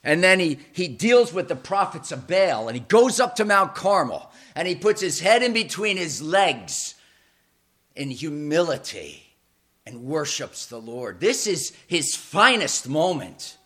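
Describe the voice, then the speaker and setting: A man preaching a sermon in a church. He is dramatic and emphatic, repeats words as he builds momentum, and swings between loud peaks and hushed, low passages. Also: very animated, measured pace. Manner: dramatic and emphatic, with swells and drops in volume.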